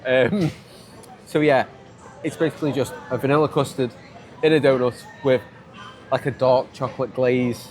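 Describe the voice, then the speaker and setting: An English vlogger with a Stoke-on-Trent accent chats and jokes on a casual travel vlog outdoors on city streets, laughing often. His medium-pitched voice is steady and a little mellow, at a moderate pace with frequent pauses.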